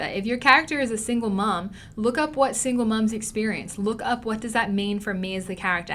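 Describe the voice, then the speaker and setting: A woman's voice: medium pitch, pushed and bright, slight background noise. A woman with an Australian accent giving an online acting lesson, emphatic and repeating key words for stress. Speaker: acting teacher.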